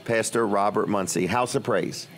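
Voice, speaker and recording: A man's voice: fairly low pitch, normal speed. A man hosting a local talk show, chatting in a folksy, joking way and often repeating himself. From Delmarva Peninsula, US. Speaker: radio show host. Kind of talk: casual talk show chat.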